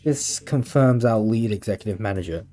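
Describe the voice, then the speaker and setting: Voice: mid-range voice, expressive, moderate pace, mellow, faint music behind, close to an everyday voice. A streamer voicing a stiff, formal woman officer with clipped speech.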